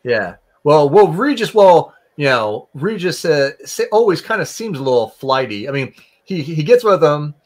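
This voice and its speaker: A man hosting a casual book discussion, retelling scenes and acting out characters in quick voices. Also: on the high side, big pitch swings.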